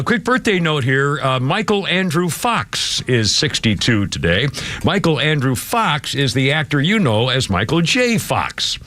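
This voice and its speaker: A man's voice: mid-range voice, fairly bright tone. A man in his seventies hosting a live radio talk show, rambling with restarts and chuckles. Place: radio studio. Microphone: studio microphone.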